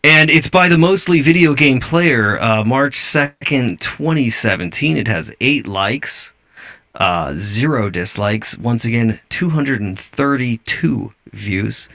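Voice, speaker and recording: A man's voice: mid-range voice, lively intonation, takes it slowly, vocal fry, pushed and bright. A man hosting a casual podcast, amused and profane as he reviews videos and rambles. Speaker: podcast host.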